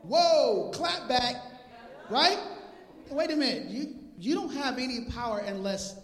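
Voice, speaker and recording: Animated preacher man cracking jokes in his sermon, says y'all a lot, roomy church echo. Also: very high-pitched, a little slow. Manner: animated, jokey, laughs at his own lines; casual slang, "y'all". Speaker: pastor. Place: church sanctuary. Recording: echoey hall.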